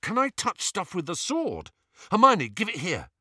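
A man's voice: high-pitched, wildly swooping pitch, moderate pace, bright, forceful tone, husky, no room sound, clean studio sound, pitched above the performer's own voice, exaggerated voice. A man voicing a desperate teenage boy wizard, urgent and pleading.

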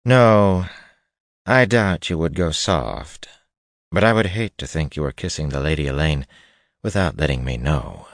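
A silky, commanding noblewoman who probes and schemes, as a low-voiced male reader puts her on. Her lines come smooth and prim, and the sound is dry and close. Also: animated, measured pace, no room sound, exaggerated voice. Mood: cool, probing.

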